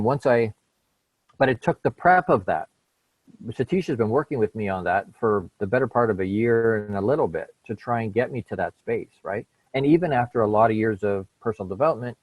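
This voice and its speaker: A man's voice: on the low side, dry recording, highs cut off. A middle-aged man, a podcast guest, telling a personal story in casual conversation, repeating words and restarting sentences as he makes his points. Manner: repeats words and restarts, emphatic about change.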